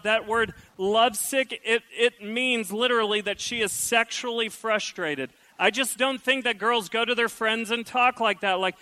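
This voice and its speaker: A middle-aged man preaching a sermon, lively and acting out the voices he quotes. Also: very high voice, normal speed, hardly any pauses, rough recording. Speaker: pastor.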